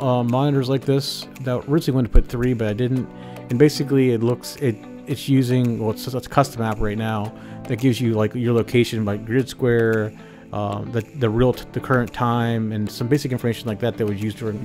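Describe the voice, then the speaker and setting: A man hosting a ham radio channel, casually walking through his setup with lots of fillers and restarts. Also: medium pitch. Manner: relaxed, many fillers and restarts. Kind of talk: casual walkthrough narration. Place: inside a trailer, walking around. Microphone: phone.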